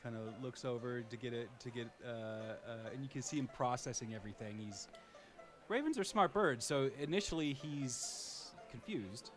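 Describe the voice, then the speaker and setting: A man's voice: medium pitch, animated, normal speed, soft background music. A man narrating a fantasy tabletop game as game master, in a loose, rambling way with lots of fillers.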